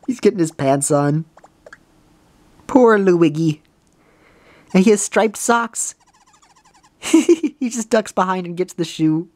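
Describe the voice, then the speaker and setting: A woman's voice: fairly low pitch, unhurried, long pauses, a little mellow, no echo. A woman hosting a let's play, chatting casually with giggles and self-deprecating asides. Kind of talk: casual gameplay commentary.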